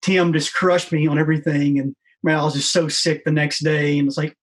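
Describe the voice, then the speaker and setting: A man with a fairly high speaking voice, talking easily as a podcast guest. He plays himself down and his stories come out in a relaxed, self-mocking way. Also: fairly quick. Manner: laid-back, self-deprecating. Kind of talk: casual interview chat.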